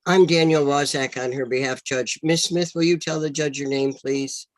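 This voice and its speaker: A man's voice: mid-range voice, steady tone, normal speed, dry recording, low-quality recording. A man working as a defense attorney who speaks to the judge briefly, formally and matter-of-factly. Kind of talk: courtroom exchange.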